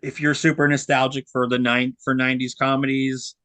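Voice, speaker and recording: Young guy rambling about movies on a podcast, bright voice, dry close sound, lots of ums and likes. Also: medium pitch, flat delivery, brisk, no echo. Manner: rambling, many fillers and restarts. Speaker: co-host reviewing film releases. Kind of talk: casual podcast chat.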